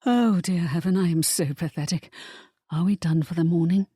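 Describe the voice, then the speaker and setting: A woman's voice: on the low side, normal speed, dark tone, breathy edge, dry recording, studio quality, voice pushed up. An audiobook reader voicing a timid young noblewoman who talks in a shaky, anxious way. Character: timid young noblewoman, fearful, self-doubting.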